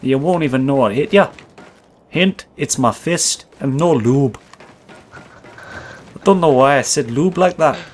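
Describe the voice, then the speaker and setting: A man's voice: on the high side, measured pace, pauses often, slight background noise, lightly acted. A man doing a foul-mouthed, brash gamer persona. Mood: taunting. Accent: put-on accent he says is not his own. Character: crude, taunting adult male gamer persona. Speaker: host. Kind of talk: gameplay commentary.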